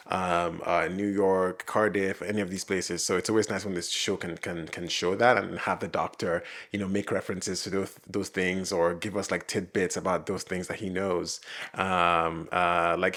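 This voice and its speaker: Low in pitch but fairly bright in tone, this reaction host chats about a TV episode in a rambling, casual way. His talk is packed with fillers and false starts, and laughter keeps breaking through.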